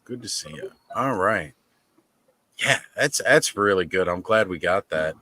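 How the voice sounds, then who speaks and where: A man hosting a livestream, chatting casually about toy collecting in a relaxed, rambling way. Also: sits low, measured pace, no room sound. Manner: relaxed, rambling, thinks aloud. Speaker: livestream host.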